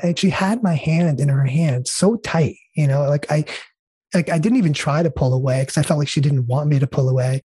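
Middle-aged male guest, earnest storyteller, husky voice. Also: on the high side, lively intonation, brisk, dark tone, no room sound. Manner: earnest, heartfelt, with many fillers and restarts. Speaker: interview guest. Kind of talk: conversational storytelling.

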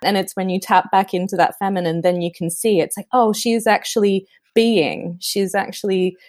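A woman's voice: medium pitch, fairly even intonation, normal speed, a little mellow, no room sound, clean studio sound. A woman hosting a podcast, speaking reflectively in a casual conversation and laughing often. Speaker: podcast host.

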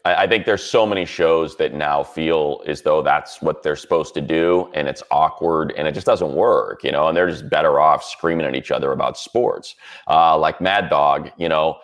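A man, a sports broadcaster, chatting as a guest and telling animated stories. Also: very deep voice, normal speed. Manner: animated storyteller, does voices. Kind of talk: casual chat on a radio podcast.

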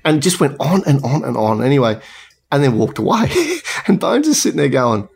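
A man's voice: medium pitch, sing-song, moderate pace, creaky, darkish tone, slight background noise. A man, co-hosting a podcast and telling a story in a rambling way, with restarts and fillers. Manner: rambling, many restarts and fillers, chuckles through stories. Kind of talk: casual storytelling chat.

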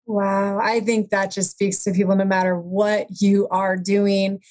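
A woman's voice: mid-range voice, level tone, measured pace, a little mellow. A woman hosting a podcast who chats casually and asks long, searching questions. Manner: curious, asks rambling questions. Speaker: podcast host. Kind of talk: casual interview chat.

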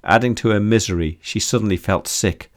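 Lower-voiced male audiobook narrator. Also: a little fast, no room sound, studio quality. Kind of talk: scripted narration.

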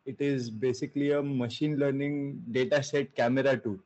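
A man's voice: mid-range voice, fairly even intonation, normal speed, a little mellow, highs cut off. A young man from India, a guest entrepreneur on a casual video-call interview, laid-back and searching for words.

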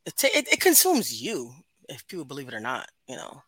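A woman's voice: very deep voice, wildly swooping pitch, brisk, fairly bright tone, husky, no room sound. A woman and mother, a podcast guest, chatting casually, laughing often and swearing freely. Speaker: podcast guest, host of her own podcast. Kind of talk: casual chat.

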